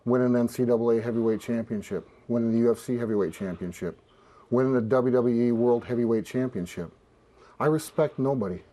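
A professional wrestler speaking in a blunt, boastful way. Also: male voice, mid-range voice, brisk, warm tone. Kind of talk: wrestling promo.

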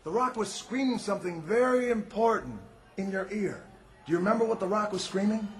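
High, shouting wrestler in an echoey arena. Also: male voice, animated, brisk, faint music behind. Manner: boastful, shouting, refers to himself in the third person. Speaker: pro wrestler cutting a promo. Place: large indoor arena. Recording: echoey arena with faint crowd noise.

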